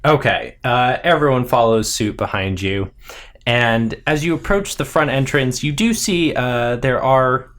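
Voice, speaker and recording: Slow, halting game master man. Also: medium pitch, fairly bright tone. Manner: unhurried, many hesitations. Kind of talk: narrating a tabletop game.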